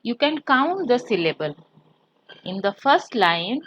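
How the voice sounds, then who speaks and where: A woman teaching a maths lesson to children, explaining slowly step by step and slipping in Hindi words. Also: a little high, very animated, fairly bright tone, no room sound, dull audio.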